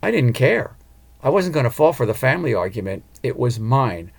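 Man doing a firm opera-singer mom, earnest, determined, lively pitch, audiobook voice. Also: normal speed, gravelly, slightly rough, full character voice. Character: adult woman opera singer, devoted mother, firm. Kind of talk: audiobook character voice.

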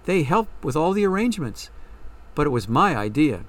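Anxious young woman, hesitant, self-doubting, lively rising and falling pitch, read by a man. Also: normal speed. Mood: troubled. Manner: hesitant, questioning.

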